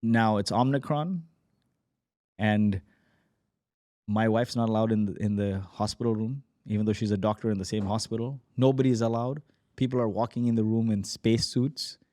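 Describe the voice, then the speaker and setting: A man in his forties, a startup founder telling his story as a podcast guest, animated and acting out quoted dialogue. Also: lowish voice, normal speed, dry recording, studio quality. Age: 40s. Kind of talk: energetic storytelling.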